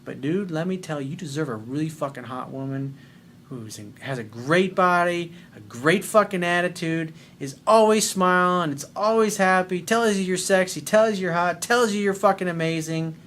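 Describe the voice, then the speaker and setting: A man's voice: high-pitched, moderate pace, fairly bright tone, slight background noise. A man coaching on dating in a casual monologue, blunt and emphatic, swearing freely as he reads and answers a viewer's message.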